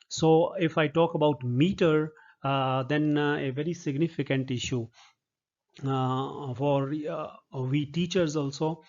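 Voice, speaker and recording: Man, lecturer, slightly high voice, patient, hesitant fillers, dull lo-fi recording. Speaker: literature professor.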